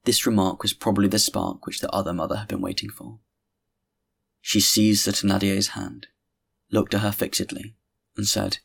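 A man narrating a classic novel as an audiobook reader, reading in a measured, deliberate way. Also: fairly low pitch, steady tone, gravelly, a bit bright, breathy edge.

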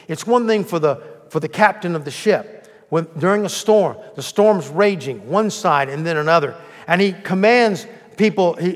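A man's voice: on the high side, in a large hall. A pastor preaching a sermon in a church, earnest and emphatic, often restarting his sentences. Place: church sanctuary.

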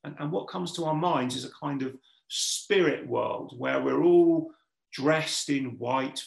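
A man's voice: medium pitch, creaky. A man preaching a sermon, earnest and putting questions straight to his listeners. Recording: echoey room.

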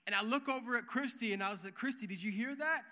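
High, bright-voiced young pastor preaching. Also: male voice, fast talker. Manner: energetic storytelling with quoted dialogue. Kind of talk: sermon. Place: church hall with worship music. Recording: reverberant church hall.

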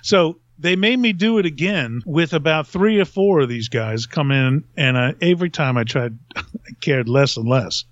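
A man's voice: on the high side, moderate pace, dry recording. Middle-aged male host, casual rambling storyteller who laughs at himself; dry, dull-sounding audio. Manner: rambling, self-mocking, laughs at own stories. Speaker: podcast host.

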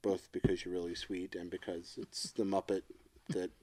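A middle-aged man co-hosting a casual chat, talking in a reflective, emotional and halting way. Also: low-pitched, flat delivery, darkish tone. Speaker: podcast co-host.

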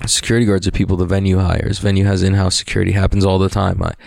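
A man's voice: sits low, completely flat delivery, racing, creaky, a little mellow, no echo, studio quality. A man hosting a podcast, talking in a loose, rambling, profane way and laughing often. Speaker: podcast host. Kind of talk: casual rambling monologue.

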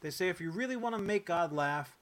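Bright-toned laid-back podcast man. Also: high-pitched, expressive, brisk. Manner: laid-back, loud hype in ad reads. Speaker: podcast co-host. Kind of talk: casual chat and sponsor reads.

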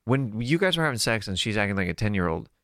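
Podcast host guy, lowish voice that swings around a lot, dry sound. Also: sing-song, fast talker, fairly bright tone. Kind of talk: casual chat.

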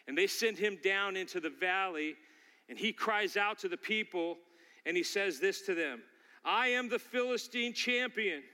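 A man preaching in a reverberant hall, his voice high and bright. He tells the story in an easy way, then builds to a forceful call to the listeners. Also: moderate pace. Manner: storytelling, rising to forceful exhortation. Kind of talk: sermon.

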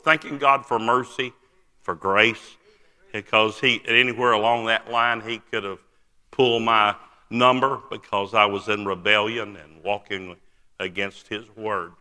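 An older man preaches a personal testimony in a sharp, very bright voice. He tells it earnestly, with frequent "uh" pauses. His words ring out with a long reverb through a big church hall. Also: fairly low pitch. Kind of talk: testimony sermon. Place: large church sanctuary.

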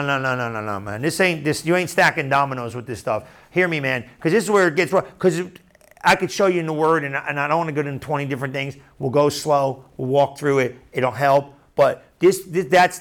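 A male preacher delivering a sermon with a fairly high voice. He talks loosely and conversationally, circling back on phrases and checking in with the room. His tone stays animated and direct. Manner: conversational, animated, repeats and restarts phrases, asks the room questions.

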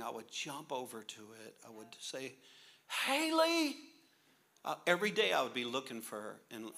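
A man's voice: medium pitch, vocal fry, pushed and bright. A male pastor preaching a sermon with humorous stories, jokey and laughing through his lines.

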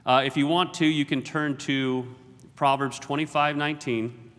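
A man's voice: fairly high pitch, fairly even intonation, normal speed, a bit bright. A middle-aged man preaching as a guest speaker, with jokey self-deprecating asides. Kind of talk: sermon. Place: large auditorium. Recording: long hall reverb.

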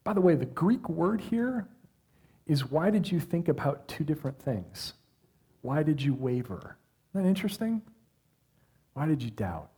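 Animated preacher man reading scripture. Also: on the high side, normal speed, slightly rough. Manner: animated, conversational, asks the audience questions. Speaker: pastor.

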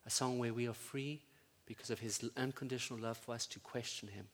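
A pastor preaching a sermon to his congregation, building to loud fervent peaks and then dropping to quiet, tender prayer. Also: medium pitch, fairly even intonation, brisk. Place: church. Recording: church sound with long reverb.

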